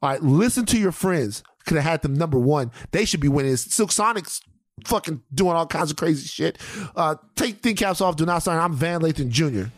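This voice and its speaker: Ranting animated male podcast co-host. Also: a little fast, no room sound, clean studio sound. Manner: animated ranting, mock-outraged, mimics friends in high silly voices. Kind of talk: casual chat.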